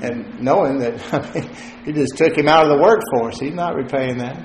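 A man's voice: on the high side, normal speed, a little hiss or hum. A male pastor delivering a sermon in a loose, conversational way, joking at times and repeating words as he thinks. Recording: roomy echo.

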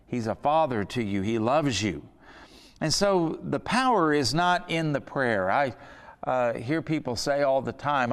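A man's voice: on the high side, lively intonation, measured pace, big-room sound. A man preaching a sermon, earnest and conversational, asking the listeners questions. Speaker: pastor.

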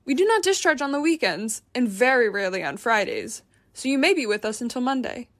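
A woman reading the lines of a calm, detached male psychiatrist who asks even, noncommittal questions in an audiobook memoir. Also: very high voice, a little fast, heavily acted. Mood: matter-of-fact.

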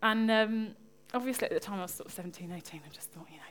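Speaking fast in a mid-range voice, a young female preacher keeps her sermon lively and conversational. She jokes with the congregation and lets them talk back.

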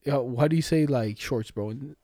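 A man's voice: mid-range voice, moderate pace, dark tone, no room sound, studio quality. A man co-hosting a casual podcast, telling slangy stories full of laughs and acted-out quotes. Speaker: podcast co-host.

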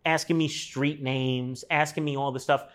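A man's voice: medium pitch, fairly even intonation, moderate pace, fairly bright tone. A man telling a personal story in casual conversation, acting out the people he quotes and swearing now and then.

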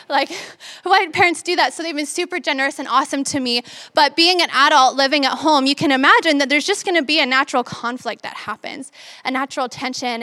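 A woman's voice: high voice, pushed and bright, no echo. A woman in her twenties giving a sermon in an upbeat, conversational way, acting out her own thoughts as she tells a story. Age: 20s. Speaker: young preacher.

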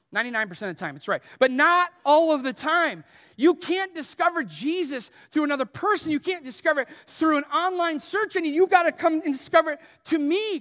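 A man preaching a sermon, animated, swinging between loud emphatic lines and soft low ones. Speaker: pastor. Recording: long hall reverb.

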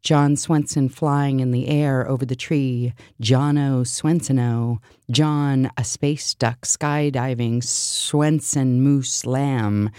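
Deep-voiced woman, deadpan surreal list reading, slow and mellow, dry close sound. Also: clear, resonant tone, dry recording. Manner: deadpan, absurd, listing. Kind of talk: surreal spoken word list.

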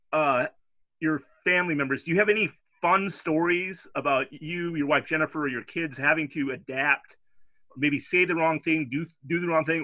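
A man's voice: on the high side, no room sound. A man hosting a podcast, asking long, winding questions full of fillers. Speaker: podcast host. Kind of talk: interview questions. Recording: dull, dry lo-fi sound.

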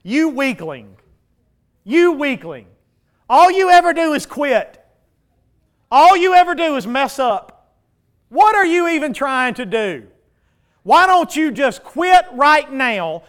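A man's voice: on the high side, wildly swooping pitch, fairly quick, hardly any pauses, a little mellow, clean tone, pitched below the performer's own voice. A man voicing a scornful male enemy spirit that taunts and belittles the listener. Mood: mocking. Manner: mocking, belittling.

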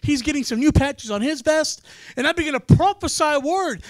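A man preaching, telling a story in an animated way and acting out the people in it. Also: extremely high pitch, fairly quick, no room sound, studio quality. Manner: animated storyteller, acts out quoted voices. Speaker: pastor. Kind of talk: sermon storytelling.

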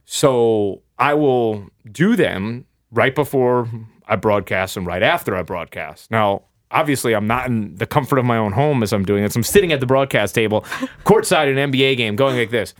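A man's voice: mid-range voice, expressive, moderate pace, no room sound, studio quality. A young man who does sports play-by-play, chatting on a podcast in a rambling, self-deprecating way. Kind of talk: casual podcast chat.

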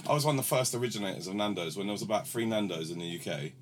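Young male podcast host, low-voiced, rambling, sweary storyteller. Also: lively intonation, rapid-fire, faint music behind. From London, England. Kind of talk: casual banter.

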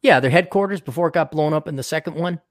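A man's voice: fairly high pitch, fast, dry recording, studio quality. A man hosting a podcast in casual chat, ranting crudely and mocking. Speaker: podcast host.

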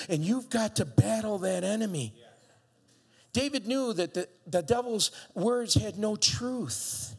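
Male pastor, very high gravelly voice, shouting sermon delivery with acted-out voices, long hall reverb. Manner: preaching with rising shouts and playful asides; acts out voices of biblical figures.

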